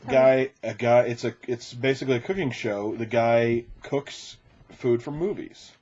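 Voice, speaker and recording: A man hosting a podcast in casual chat, talking in a chatty, playful way and sometimes slipping into quick impressions. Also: medium pitch, fairly even intonation, darkish tone, slightly rough, lo-fi sound. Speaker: podcast host.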